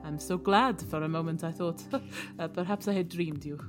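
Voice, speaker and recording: A woman voicing a tall, handsome young man who is gentle and sheepish, speaking in an overly polite, flustered way during a tabletop game. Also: on the low side, normal speed, music in the background, natural voice.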